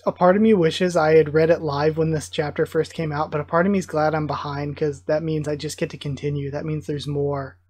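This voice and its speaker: A man's voice: fairly high pitch, little pitch movement, fairly quick, hardly any pauses, darkish tone. A man hosting a live manga reading reaction, commenting in an enthusiastic, gushing fan manner. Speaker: reaction video host.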